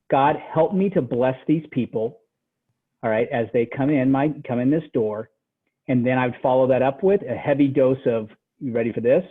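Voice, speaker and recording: A man giving a motivational real estate training talk over a call, animated and tacking "right?" onto his points. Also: medium pitch, breathy edge. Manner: animated, repeats "right?" after each point. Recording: tinny phone-line audio.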